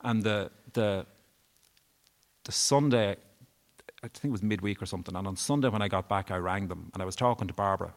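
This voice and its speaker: Before a live audience, an interview guest with a lowish voice talks a little fast, sharing an emotional personal story with candor and cursing freely.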